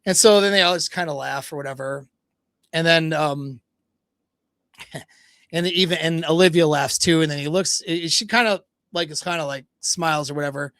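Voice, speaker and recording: A dating coach on a livestream, casually retelling a story with laughs, false starts and stumbles. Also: male voice, fairly high pitch, normal speed, a bit bright, dry recording.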